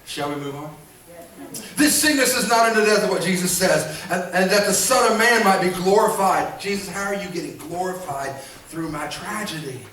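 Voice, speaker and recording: High bright-voiced preacher in an echoey hall. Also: male voice, moderate pace, recorded from a distance, slight background noise. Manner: animated preaching, acts out voices, calls for response. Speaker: pastor. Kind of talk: sermon. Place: church sanctuary. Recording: echoey church hall, miked from afar.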